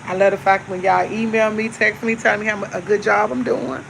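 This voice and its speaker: A woman's voice: medium pitch, fairly even intonation, a little fast, creaky, fairly bright tone, slight background noise, low-quality recording. Chatty woman hosting a live stream. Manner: chatty, repeats herself, easygoing. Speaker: livestream host. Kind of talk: casual live chat to viewers. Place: at home with coffee.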